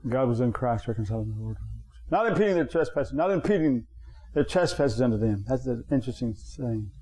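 A male pastor preaching with a warm, mellow tone at an ordinary middle pitch. He hammers his points home by repeating phrases and leaps higher on the lines he stresses most. He speaks straight to the congregation in front of him. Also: expressive, fairly quick. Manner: emphatic, repeats phrases for effect. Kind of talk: preaching sermon.

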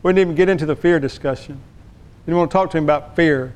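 Pressing his congregation for a response, this male pastor delivers a preachy, emphatic sermon at a fast clip. His voice runs somewhat high, smooth and resonant, with a slightly mellow quality.

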